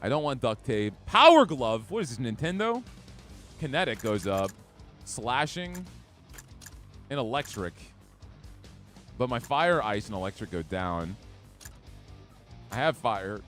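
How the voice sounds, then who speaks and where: Excitable male streamer with hiccups, game music behind. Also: medium pitch, unhurried, long pauses. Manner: chatty, reads chat aloud, reacts and laughs. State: has hiccups. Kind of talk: live gameplay commentary.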